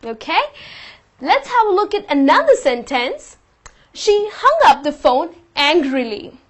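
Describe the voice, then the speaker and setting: Female teacher, higher voice, patient and explanatory, lesson delivery. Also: big pitch swings, measured pace, a bit bright. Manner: patient, explains with example sentences. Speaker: English teacher.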